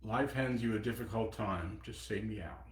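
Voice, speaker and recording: A man's voice: lowish voice, normal speed, reverberant, natural voice. A man in his seventies putting on a Korean accent to voice an old Zen master, speaking in short, clipped, broken phrases. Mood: playful. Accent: put-on Korean accent. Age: 70s.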